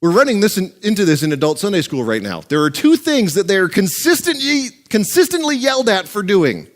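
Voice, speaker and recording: Guy pastor giving a sermon, kinda high voice, jokey and chatty. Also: big pitch swings, a little fast. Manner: joking, conversational preaching.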